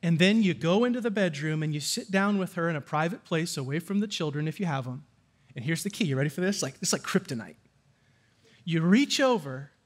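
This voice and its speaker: High-voiced animated male preacher. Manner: animated, asks the audience questions. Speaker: pastor. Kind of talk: sermon.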